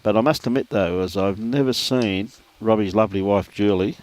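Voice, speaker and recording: Chatty Australian bowls commentator, low voice. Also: male voice, normal speed, darkish tone. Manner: chatty, laughs often, greets viewers by name. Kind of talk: live sports commentary and casual chat. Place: outdoor bowls green.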